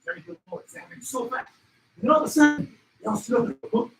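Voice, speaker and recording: A man telling wildlife photography stories to an expo audience, excitable and loud at the peaks, acting out the animals. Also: very high voice, fast, creaky, roomy sound, far from the mic, slight background noise, poor audio. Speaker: wildlife photographer giving a talk. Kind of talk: animated storytelling presentation. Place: expo hall. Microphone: handheld mic.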